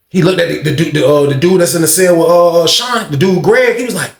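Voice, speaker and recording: Casual male storyteller, high-pitched, slang-heavy and profane, in an echoey room. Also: fast, vocal fry. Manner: slangy, animated, profane, lots of fillers.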